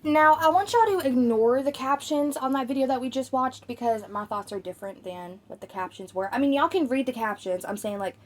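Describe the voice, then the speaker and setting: A woman's voice: high voice, brisk, hardly any pauses. A woman hosting a casual commentary video, chatty and opinionated, talking straight to her viewers. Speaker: commentary host.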